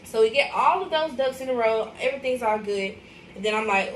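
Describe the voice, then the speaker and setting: A woman's voice: fairly high pitch, brisk, slight background noise. A young woman from Arkansas, chatting in a casual, emotional way to viewers as a mother on a livestream vlog. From Arkansas, USA. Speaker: vlogger, mother. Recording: echoey room, mic at a distance.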